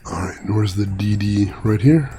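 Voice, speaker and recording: Speaking at normal speed with a warm tone and fairly low pitch, a gaming video host gives casual let's-play commentary. His voice is slightly weak as he jokes, chats and reads the game's text out loud.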